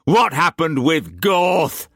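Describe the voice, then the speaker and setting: Roaring old sea captain, rough country dialect, high strained shouts, dry close sound. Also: male voice, very animated, slow pace, no echo, full character voice. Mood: raging.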